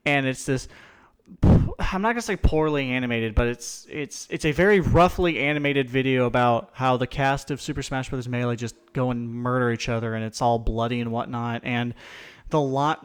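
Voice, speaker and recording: A young man hosting a podcast, chatting casually and telling stories with quick asides. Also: medium pitch, clean tone. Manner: animated storyteller, quick asides. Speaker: podcast host.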